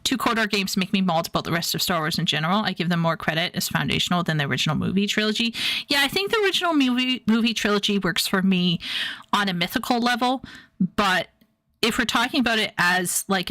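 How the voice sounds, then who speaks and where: A woman's voice: medium pitch, animated, fairly quick, pushed and bright, dry recording, poor audio. A woman streaming and reacting to videos, chatting casually, playful and emotional with lots of repeated phrases.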